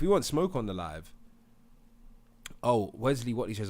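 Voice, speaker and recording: Young UK streamer, lower-pitched voice, loose and chatty, hypes his live debate. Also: animated, moderate pace, long pauses, a little mellow. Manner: chatty, reads viewer comments aloud, hypes the stream. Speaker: livestream debate host. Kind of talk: casual live-stream chat.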